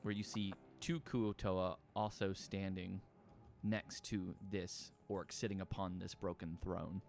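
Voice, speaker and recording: Low-voiced slow male game master. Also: fairly even intonation, creaky, a little mellow, soft background music. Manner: casual narration with fillers. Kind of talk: narrating a tabletop game.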